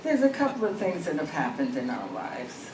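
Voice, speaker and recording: A woman's voice: deep voice, sing-song, normal speed. An older woman doing stand-up comedy, telling stories with punchlines to a live audience. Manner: storytelling with punchlines. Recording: echoey and distant, with crowd noise.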